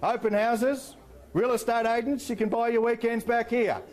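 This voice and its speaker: An Australian man working as an auctioneer, calling bids in a rapid rhythmic patter with playful banter to the bidders. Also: very high-pitched, fairly even intonation, a little mellow. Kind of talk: live property auction calling.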